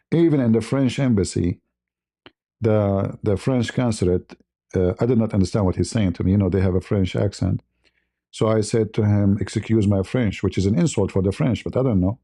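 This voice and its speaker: A man's voice: fairly low pitch, normal speed, warm tone. A man from the Middle East, host of a live stream, telling a story in simple learned English, laughing often and acting out the dialogue. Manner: speaks English as a learned language, simple phrasing. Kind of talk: casual storytelling.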